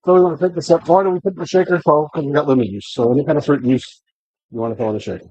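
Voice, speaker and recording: A man's voice: on the high side, racing, a little mellow, no room sound. A man co-hosting a home cooking livestream, laid-back and wry, explaining as he mixes a cocktail. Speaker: cooking show co-host. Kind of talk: casual livestream cooking chat. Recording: dull lo-fi stream audio.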